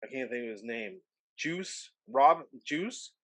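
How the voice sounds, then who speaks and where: A man's voice: mid-range voice, lively intonation, slow pace, fairly bright tone. A man as a podcast guest, telling a story in an easygoing way, full of fillers like "like" and "dude". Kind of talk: casual wrestling podcast chat.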